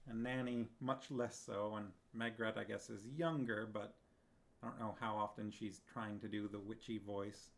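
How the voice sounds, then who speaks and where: A man's voice: fairly low pitch, steady tone, normal speed, creaky. A man streaming a book reading, casually chatting with his viewers, laughing often and reading their comments aloud.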